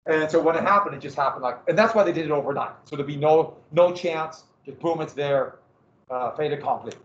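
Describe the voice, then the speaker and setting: A man giving a history lecture in a lively, conversational way with joking asides. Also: a little high, brisk. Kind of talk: classroom lecture. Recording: echoey room, dull lo-fi sound.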